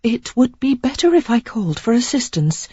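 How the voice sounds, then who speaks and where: A woman reading an audiobook, voicing a timid, proper young lady of twenty-five who speaks tentatively and quietly. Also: a little high, sing-song, normal speed, breathy edge, dry recording, lo-fi sound, pitched above the performer's own voice.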